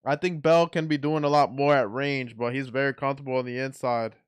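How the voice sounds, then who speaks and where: Calling a boxing fight live at a watch party, this man offers blunt, excited play-by-play at a fairly quick clip, frequently starting sentences over. His voice is clear, smooth, and mid-pitched.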